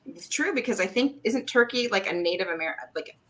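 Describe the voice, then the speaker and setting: A woman's voice: medium pitch, animated, fairly quick, over a noisy crowd. A woman in casual chat as a podcast guest, talking loosely with many fillers. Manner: chatty, filler-heavy with many um and like.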